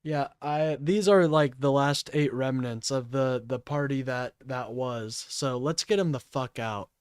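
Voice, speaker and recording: A man's voice: medium pitch, unhurried, clean tone, no echo, clean studio sound. A man hosting a livestream, ranting in an agitated, profane way and apologizing often.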